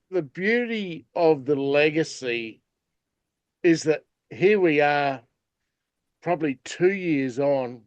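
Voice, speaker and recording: A man's voice: a little high, expressive, slow, no room sound, lo-fi sound. A man with an Australian accent chatting casually as a podcast co-host, rambling with lots of fillers. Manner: rambling, full of "you know" fillers. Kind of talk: casual chat.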